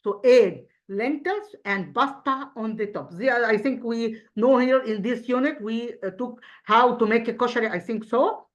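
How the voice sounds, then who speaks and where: A woman's voice: fairly high pitch, moderate pace, few pauses, muffled recording. A woman English teacher with an Egyptian accent, going through an exam review step by step and answering her own questions. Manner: explains step by step, asks and answers own questions, frequent restarts.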